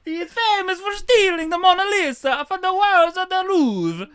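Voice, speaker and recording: A man's voice: extremely high pitch, lively intonation, moderate pace, a bit bright, slight background noise, pitched above the performer's own voice. A man voicing a hammy mock-Italian male storyteller with an over-the-top put-on Italian accent, sing-song and laughing through the lines. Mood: goofy.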